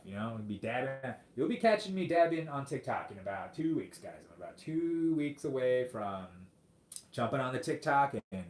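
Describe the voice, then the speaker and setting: A man in his forties hosting a podcast, delivering a profane, sarcastic rant into a microphone. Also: mid-range voice. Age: 40s. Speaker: podcast host. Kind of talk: ranting monologue. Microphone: studio microphone. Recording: roomy echo.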